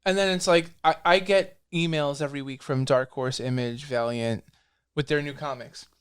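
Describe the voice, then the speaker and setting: A comic book writer in a casual interview, telling lively stories and acting out the people he quotes. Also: on the high side, normal speed, clear, resonant tone. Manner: animated storyteller, acts out quoted dialogue.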